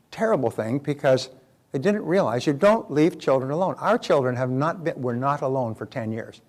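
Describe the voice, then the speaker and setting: A man's voice: mid-range voice, darkish tone. An older man, a motivational speaker, lecturing in an emphatic, repetitive way and telling anecdotes with acted-out quotes.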